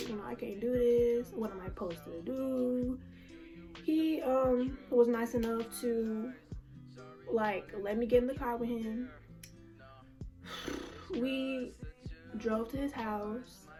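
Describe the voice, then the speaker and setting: Young woman, slightly high voice, casual slangy storytime, emotional, faint music under. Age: young adult. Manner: emotional, slangy, full of fillers. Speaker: vlogger.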